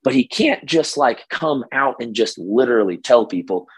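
A hoarse man from Oklahoma hosting a casual solo podcast as a coach, energetic and stammering on repeated words. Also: mid-range voice, normal speed, no room sound, low-quality recording. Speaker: podcast host and business coach.

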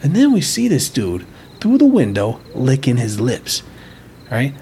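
A man's voice: medium pitch, wildly swooping pitch, unhurried, mellow, slight background noise. A man narrating a story in a casual, slangy first-person way, rambling and constantly tagging lines with "right?". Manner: rambling, filler-heavy, keeps asking "right?". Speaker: reader, narrator.

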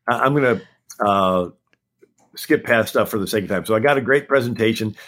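Low-pitched guy, historian guest, rattling off facts super fast like a lecture. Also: a bit bright. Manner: talks fast, packing in facts one after another. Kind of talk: rapid-fire history lecture on a talk show.

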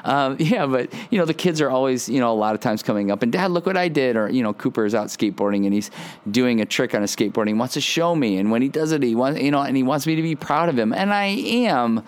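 A middle-aged man preaching a sermon, animated, acting out childlike boasting in a raised voice. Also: mid-range voice, fast, clean tone. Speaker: pastor.

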